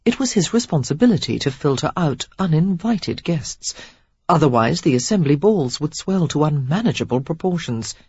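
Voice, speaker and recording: An audiobook narrator reading a romance novel in a measured, expressive storytelling manner. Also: medium pitch, breathy edge, dry recording, highs cut off. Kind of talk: scripted narration.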